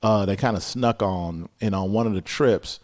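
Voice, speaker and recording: A pastor preaches a sermon in a lowish, somewhat dark male voice at a moderate pace. He repeats phrases and builds steadily in intensity as he goes.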